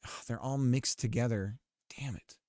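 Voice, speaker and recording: A man in a casual live-stream chat, rambling and self-deprecating with plenty of swearing and filler words. His voice sits at an ordinary middle pitch. It is picked up on a close desk mic with a dry, dead sound. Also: normal speed, dark tone, dry recording. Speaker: game developer streamer.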